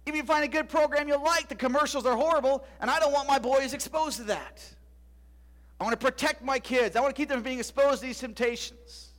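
A man's voice: extremely high pitch, brisk, fairly bright tone. A middle-aged man preaching a sermon, asking rhetorical questions with emphasis and sometimes dropping to a whisper. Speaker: pastor.

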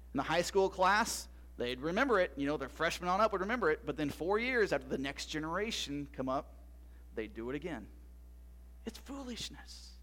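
A man's voice: high-pitched, a bit bright. A middle-aged man preaching a sermon in a conversational way, often putting questions to his listeners. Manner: conversational, asks the congregation questions. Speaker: pastor.

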